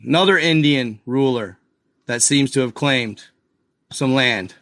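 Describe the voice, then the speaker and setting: A man hosting a casual video, excitedly talking viewers through an old map and repeating himself as he points things out. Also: mid-range voice, unhurried, no echo. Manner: excited, repetitive, addresses viewers as guys and y'all. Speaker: video host. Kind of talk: casual commentary over a map.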